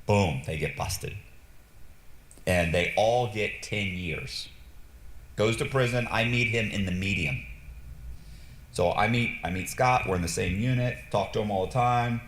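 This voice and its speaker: Low-voiced man telling a blunt story. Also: measured pace, long pauses, echoey room, a little hiss or hum. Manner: animated, acts out quoted dialogue, frequent restarts; blunt, swears casually. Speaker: streamer telling stories. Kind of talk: casual storytelling.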